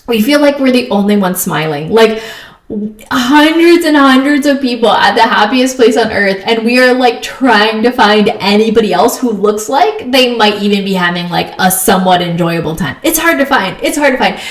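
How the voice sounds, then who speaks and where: A woman's voice: fairly high pitch, lively intonation, moderate pace. Chatty woman host, roomy distant sound. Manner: chatty, many fillers, laughs while telling stories. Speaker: podcast host. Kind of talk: casual chat.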